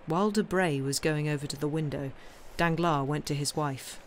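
A woman reading a classic novel aloud on a livestream in clear, measured narration. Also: sits low, a little hiss or hum. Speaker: reader.

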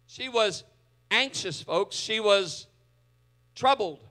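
A male pastor preaching a sermon in a church, dramatic, swinging from loud to hushed. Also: high-pitched, animated, slow.

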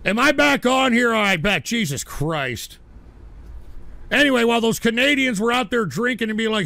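A man hosting a livestream radio show, ranting profanely about his chat and breaking into abrasive shouting bursts. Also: high-pitched, lively intonation, moderate pace, creaky, no echo. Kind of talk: profane on-air rant reading chat.

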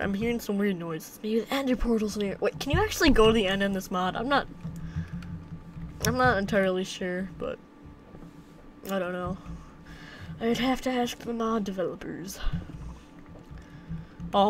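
A woman's voice: mid-range voice, normal speed, long pauses. A young woman giving casual commentary while playing a game, rambling to herself and breaking into silly chants. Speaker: gameplay commentator. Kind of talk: casual let's-play commentary.

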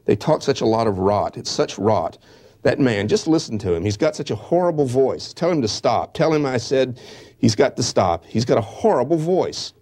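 A man's voice: mid-range voice, sing-song, moderate pace, a little mellow, pitched above the performer's own voice. A man reading out the words of an overwrought young woman begging others to stop talking, with his voice lifted above his own. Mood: distraught. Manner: pleading, near hysterical.

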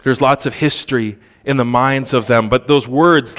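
Brief: a male pastor giving a chatty church sermon, mid-pitched voice, reads scripture slowly. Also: fairly bright tone. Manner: conversational, asks the congregation for responses; reads scripture aloud with slow emphasis.

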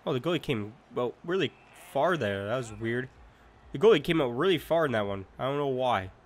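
A young man talks through his gameplay in a loose, chatty way, often circling back to repeat the same point. His voice sits at an ordinary middle pitch, and he fills the gaps with "uh" and "like.". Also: expressive, fairly quick. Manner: rambling, repeats himself, frequent fillers. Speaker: gaming commentator. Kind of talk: casual let's-play commentary.

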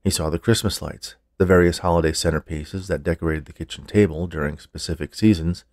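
A man's voice: low voice, fairly even intonation, fairly quick, no room sound. A man reading a scripted story aloud with a theatrical delivery.

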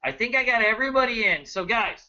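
A man in his thirties with a high, piercing, bright voice hosts a live trading webinar, full of jokes and quick greetings to viewers. The sound is dull and lo-fi, like a computer mic. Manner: energetic, joking, chatty, greets viewers by name. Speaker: trading educator hosting a webinar. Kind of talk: casual live webinar talk.

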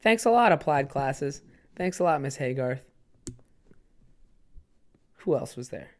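A man's voice: mid-range voice, lively intonation, a little slow. A young man in his twenties hosting a comedy podcast alone. He rambles casually, swears freely, and tells loose stories in an everyday voice. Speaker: podcast host.

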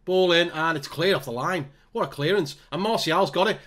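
A man's voice: a little high, brisk. A man commentating on his own football management game, muttering to himself and bursting out when goals come. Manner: excitable, talks to himself, groans and mutters between bursts. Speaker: gaming YouTuber.

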